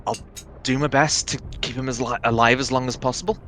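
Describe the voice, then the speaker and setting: A man's voice: medium pitch, steady tone, a little fast, a bit bright, lightly acted. A man voicing an earnest woman soldier-medic who urges a grieving corporal in a tabletop game. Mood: urgent. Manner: urgent, persuasive.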